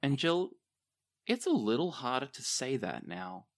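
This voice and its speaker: A man acting as game master, narrating a tabletop game in a descriptive, expressive way. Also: mid-range voice, a little slow.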